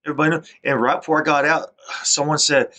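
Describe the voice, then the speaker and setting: An agitated man with a drawl rants in a long, repetitive monologue. He often stumbles and starts his sentences over. His voice has a bright, forceful edge. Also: fairly high pitch, fairly even intonation, quick pace. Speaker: vlogger. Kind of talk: aggrieved rambling monologue over screen recording.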